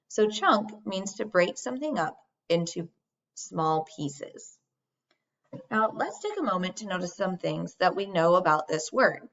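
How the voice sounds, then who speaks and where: A woman teacher giving a recorded phonics lesson, speaking slowly and deliberately as she models sounds for young children. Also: mid-range voice, fairly bright tone. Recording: dull lo-fi sound.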